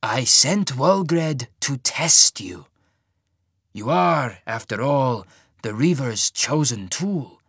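Old rotund mage lord, genial but sinister, unhurried delivery, played by a man narrator. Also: mid-range voice, animated, breathy edge, no room sound, clean studio sound, full character voice. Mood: genially menacing. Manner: slow, measured, softly menacing.

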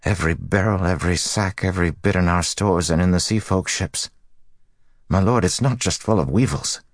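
A frightened dockmaster, as a male reader puts him on, his voice pushed up high and strained. He pleads in taut, hushed bursts, and the audiobook reading has a dry, close sound. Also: moderate pace, dry recording.

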